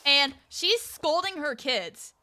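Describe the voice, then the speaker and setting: A woman's voice: high voice, animated, slow pace, pushed and bright. A young woman streamer telling a long, rambling anecdote in casual chat, full of fillers and the odd swear word. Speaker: VTuber streamer. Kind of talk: casual storytelling during a game stream.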